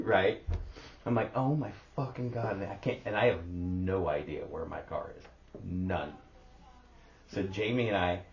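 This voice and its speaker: A middle-aged man co-hosting a podcast, telling a story in casual chat, swearing often and acting out sounds. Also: lowish voice. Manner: animated, swears a lot, acts out sounds. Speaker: podcast co-host. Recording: roomy, dull lo-fi sound.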